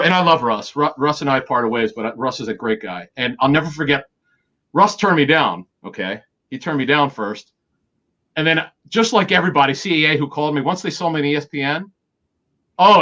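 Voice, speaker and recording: Middle-aged male guest, mid-pitched, storyteller who acts out quotes and restarts often, slightly muffled audio. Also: sharp tone. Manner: rapid anecdotal storytelling with quoted dialogue and many restarts. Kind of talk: storytelling in an interview.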